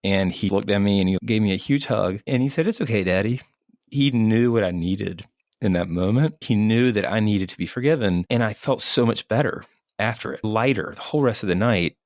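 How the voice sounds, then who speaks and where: A man in his thirties, a physician guest, speaking in an earnest, measured, thoughtful way in an interview conversation. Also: fairly low pitch, darkish tone, dry recording, clean studio sound.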